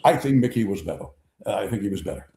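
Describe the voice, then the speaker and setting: An older man hosts a sports show, telling long anecdotes with a lowish, mellow voice. He acts out the quotes as he goes. The sound is roomy and echoey. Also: fast talker, gravelly. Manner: animated raconteur, acts out quotes. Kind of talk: casual sports storytelling. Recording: echoey room.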